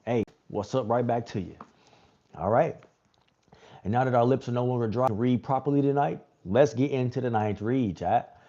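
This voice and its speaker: A man's voice: medium pitch, expressive, measured pace, long pauses, mellow, muffled recording. A man hosting a casual livestream, chatting with viewers in a laid-back, slangy way and reading Bible passages aloud.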